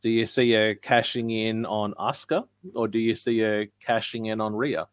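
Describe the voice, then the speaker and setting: A man's voice: lowish voice, flat delivery, moderate pace, smooth, dry recording. Chatty male podcast host, dry sound. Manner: chatty, laughs often, reads viewer comments aloud. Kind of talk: casual live-stream chat.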